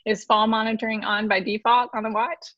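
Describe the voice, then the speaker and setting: A woman's voice: a little high, level tone, a little fast, fairly bright tone, muffled recording. A woman interviewing a colleague in a casual chat, asking curious, friendly questions.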